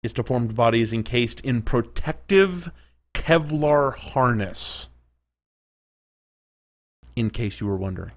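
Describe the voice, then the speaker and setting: A man's voice: medium pitch, lively intonation, takes it slowly, pauses often. A man narrating his own game play, chatting and reacting aloud, at times dropping to a whisper. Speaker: gaming commentator. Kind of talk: let's play commentary.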